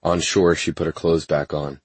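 A man with an extremely deep, husky voice reads a first-person romance audiobook. His delivery is measured, brooding and intense. The recording is close and completely dry. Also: level tone, no echo. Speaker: audiobook narrator.

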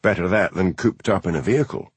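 A man voicing a laconic, wry village policeman with a dry, unhurried delivery. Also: sits low, husky, dry recording.

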